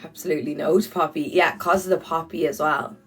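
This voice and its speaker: A woman's voice: sits low, fairly even intonation, fairly quick, recorded from a distance, faint music behind, rough recording. Blunt Irish woman on a phone livestream. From Ireland. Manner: blunt, swears casually. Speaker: livestream host. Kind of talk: casual livestream chat reading comments.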